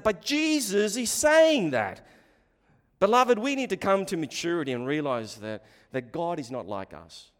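A man preaching a sermon with passion, surging to loud emphatic bursts and dropping to quiet low asides, often repeating words as he restarts a phrase. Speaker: pastor. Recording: long hall reverb.

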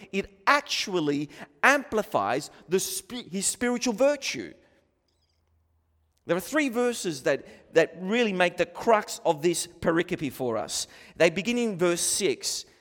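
Australian preacher in a reverberant hall. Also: male voice, high-pitched, big pitch swings, measured pace, fairly bright tone. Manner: earnest, emphatic, with repeated words and restarts. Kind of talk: sermon.

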